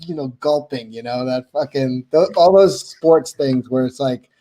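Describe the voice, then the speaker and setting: A man chatting casually as a co-host on a livestream, halting and swearing often. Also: medium pitch, warm tone. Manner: halting, profane, with many restarts.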